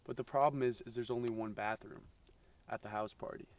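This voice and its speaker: A man's voice: medium pitch, fairly even intonation, brisk, distant mic, lightly acted. A young man telling a campfire story to friends, hamming it up. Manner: hammy, playing it up.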